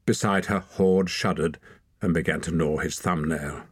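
Deep, husky male storyteller. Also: moderate pace, no echo, studio quality. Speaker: audiobook narrator. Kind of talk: scripted narration.

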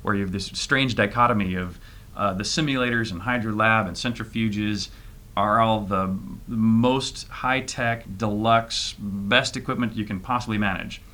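A middle-aged man answering interview questions in a halting way, full of fillers and restarts. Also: on the low side, steady tone, bright, forceful tone. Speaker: interview guest, private spaceflight trainee.

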